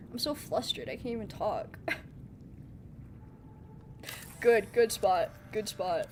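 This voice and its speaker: A young woman streaming a game live, excitable and chatty, often laughing and reacting to viewers. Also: fairly high pitch, a little hiss or hum. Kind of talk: live gameplay commentary.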